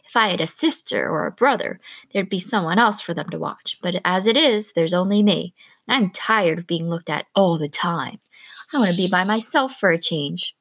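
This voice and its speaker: A woman's voice: lowish voice, animated, moderate pace, fairly bright tone, dry recording. A restless young girl speaks earnestly with a stubborn streak, voiced lightly by a woman narrator. She sounds wistful one moment and defiant the next. The sound is dry and close.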